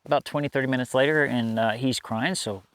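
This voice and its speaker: A man's voice: medium pitch, fairly quick, a bit bright. A middle-aged man telling a personal story in a casual, conversational way, laughing often and restarting his sentences.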